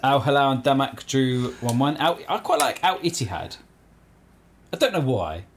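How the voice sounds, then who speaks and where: A man's voice: mid-range voice, animated, slight background noise. Man rattling off football scores. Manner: reads out results in a halting list, stumbles over names. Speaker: podcast co-host. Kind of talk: casual football chat.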